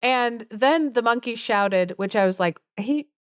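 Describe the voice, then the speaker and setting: A chatty woman co-hosting a podcast, telling a folk tale with frequent giggles and casual fillers. Her voice sits at a middle pitch and sounds smooth and clear. The sound is dry and close. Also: unhurried, dry recording. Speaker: podcast co-host. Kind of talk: casual storytelling chat.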